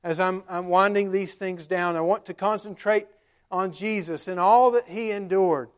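High-voiced preacher retelling scripture plainly. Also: male voice, moderate pace, clean tone. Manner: conversational preaching with frequent "uh" fillers. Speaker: pastor. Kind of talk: sermon.

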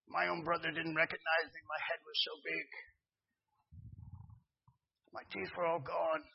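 Male preacher, middle-aged, Pennsylvania accent, high voice, earnest testimony, muffled lo-fi recording. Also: level tone, normal speed, gravelly, slightly rough. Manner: earnest storytelling, rising to fervent emphasis. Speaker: missionary preacher. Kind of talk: sermon testimony.

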